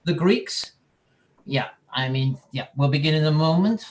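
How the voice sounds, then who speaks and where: A man organizing a play reading, making brisk, polite announcements over a video call. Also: a little high, lively intonation, darkish tone, roomy sound, far from the mic. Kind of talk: casual chat.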